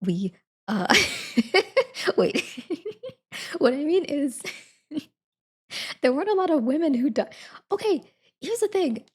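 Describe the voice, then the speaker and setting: A woman's voice: high-pitched, sing-song, slow, long pauses, darkish tone. A young woman streaming a casual book review, rambling and self-correcting with frequent giggles.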